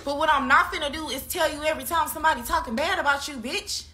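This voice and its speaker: Young woman, high pitched and kinda piercing, cussing and going off about her ex, says the same stuff over and over. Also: fast, sharp tone. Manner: heated, profane, repeats her points. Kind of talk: candid venting about a breakup.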